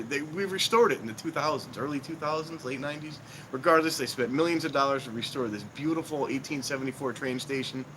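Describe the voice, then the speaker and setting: A man casually telling rambling stories at a train station at night, chuckling often, filming himself on a handheld camera. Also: medium pitch. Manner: chatty, chuckles often between remarks. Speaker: vlogger. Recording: noisy outdoor ambience. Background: outdoor ambience.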